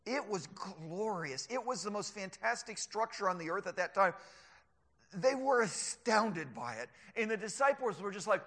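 A man preaching a sermon, animated, sometimes mimicking mocking scoffers. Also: sits high, moderate pace. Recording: long hall reverb.

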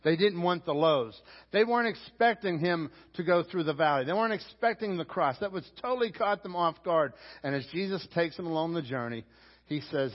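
A man with a Pittsburgh accent preaches a sermon in a rather high voice, animated and sometimes acting out shouted lines. The sound is dull and lo-fi, and long reverb trails through the church hall. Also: brisk. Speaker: pastor.

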